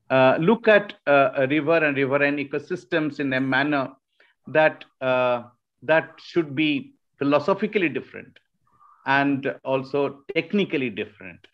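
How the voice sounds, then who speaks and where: Male academic speaker, mid pitch, halting delivery full of restarts, dull lo-fi webinar sound. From Shillong, Northeast India. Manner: hesitant, frequent restarts and fillers. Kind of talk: academic lecture. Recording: muffled online webinar audio.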